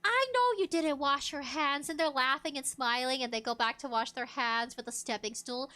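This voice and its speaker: A woman VTuber streamer chatting casually and reacting to a video, giggly and animated with frequent laughter. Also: sits high, moderate pace, few pauses.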